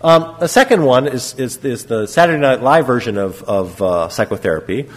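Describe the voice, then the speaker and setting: Man, middle-aged, husky voice, lively up-and-down pitch, conversational lecture, checks in with the audience often. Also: a little fast, hardly any pauses. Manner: lively, conversational, frequent "okay?" check-ins and acted example quotes. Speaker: lecturer on psychotherapy.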